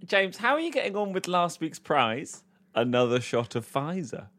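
A man hosting a comedy quiz podcast, playful and quick with jokes, often laughing. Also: on the high side, very animated, fairly bright tone. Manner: playful, giggly, quick asides. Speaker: quiz host.

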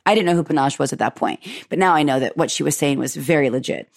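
A woman hosting a podcast, telling a personal story in a lively way and acting out what people said. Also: fast talker, gravelly, hardly any pauses. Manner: animated, acts out quoted dialogue with big pitch jumps. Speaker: podcast host.

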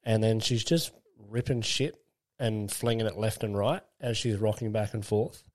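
A man's voice: on the low side, steady tone, moderate pace, darkish tone. A man, co-hosting a podcast and telling a crude, rambling story in casual chat. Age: late 20s. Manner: crude, rambling, laughs while telling stories. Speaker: podcast co-host.

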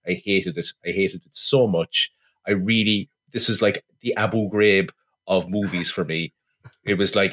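A man's voice: deep voice, a bit bright. A man with an Irish accent, co-hosting a casual film review chat, blunt, sardonic and prone to swearing. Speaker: podcast co-host.

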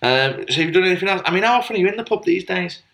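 A man's voice: high-pitched, animated, rapid-fire, gravelly, a bit bright. A young man co-hosting a casual podcast chat, teasing his co-host with jokey banter.

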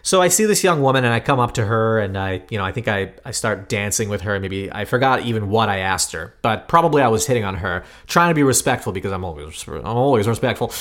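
Animated storytelling man in his thirties. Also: lowish voice, fast, few pauses. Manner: animated, self-deprecating storyteller with laughs. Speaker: podcast co-host. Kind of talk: casual storytelling chat.

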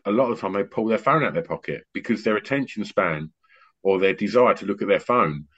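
A middle-aged man hosting a podcast on a video call, a rambling, animated storyteller who often restarts his sentences. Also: on the low side, fairly quick, breathy edge. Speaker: podcast host and DJ. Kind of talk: casual chat on an online call. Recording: muffled lo-fi online call audio.

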